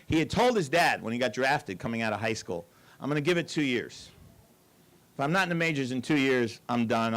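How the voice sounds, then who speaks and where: A man's voice: mid-range voice, a bit bright. Older man telling sports stories. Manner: anecdotal, dry asides, acts out quotes. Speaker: author giving a talk. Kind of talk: storytelling talk to an audience.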